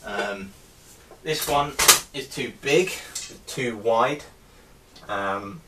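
Speaking extremely slowly in a medium-pitched voice, a man shows and tells about his helmet collection, stumbling through ums and false starts. He sounds far from the mic, with a faint background hum of noise.

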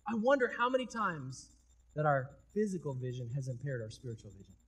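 A male pastor delivers a sermon in a fairly high, slightly husky voice. He preaches in a relaxed, conversational way. He swings from loud, emphatic bursts to quiet, intense stretches. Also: brisk.

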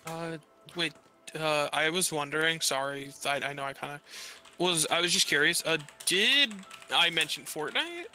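A slightly high man with a very bright, sharp voice, often hesitant and quick to apologize. Faint music sits behind him. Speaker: stream guest. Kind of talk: casual stream chat.

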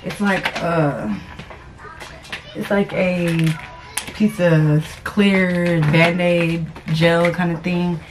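Filming on her phone, first in a car and then indoors at home, a young woman vlogs in a casual, confessional way, blunt, cussing freely and groaning in pain. Her voice is fairly low and extremely slow, set over music in a noisy phone recording.

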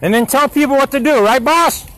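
In this handheld confrontation vlog, a man with a very high-pitched, a bit bright voice speaks a little fast as he argues with road workers by a school. He keeps repeating himself heatedly, and the audio quality is poor.

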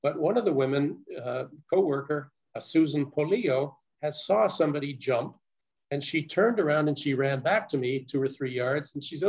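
An older man from Canada giving a measured, detailed first-person account to an audience. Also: fairly high pitch. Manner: measured, detailed storytelling with frequent restarts. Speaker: speaker telling a survivor's account. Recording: dull lo-fi recording.

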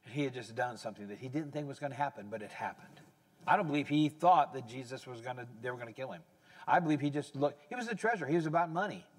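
This man in his sixties is a pastor giving a sermon in a conversational style, talking at a quick pace. He fixes his own wording as he goes, and his voice rises into high, excited stress.

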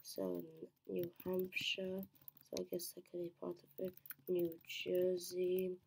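A woman's voice: lowish voice, expressive, slow, darkish tone, husky. A woman thinking aloud as she plays a timed quiz, muttering to herself, trailing off, restarting answers and slipping into whispers. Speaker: quiz player.

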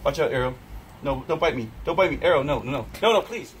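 A man hosting a casual outdoor fishing vlog by a pond, excitable and laughing a lot. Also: a little high, quick pace, slight background noise, poor audio. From South Florida. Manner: excitable, laughs and yelps often. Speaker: fishing vlogger host.

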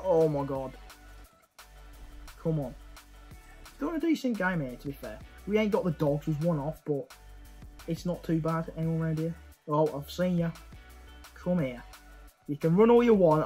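A young man giving excitable live commentary over his own gameplay, cheering and swearing at the action. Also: a little high. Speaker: gaming YouTuber.

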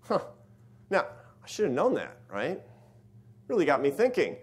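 A man's voice: on the high side, huge pitch swings, moderate pace. A middle-aged man giving a university lecture, telling a story with lots of rhetorical questions to the audience.

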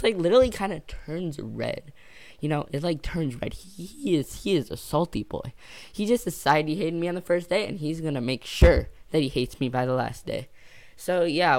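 A young man telling a casual storytime for his channel, rambling and jokey, often trailing off and circling back. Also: mid-range voice. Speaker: YouTuber.

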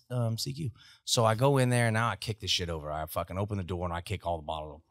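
American man, deep voice, casual profane war story, dry close mic. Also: fast talker, dry recording. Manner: profane, animated anecdote telling. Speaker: podcast guest, Army veteran. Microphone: podcast studio mic.

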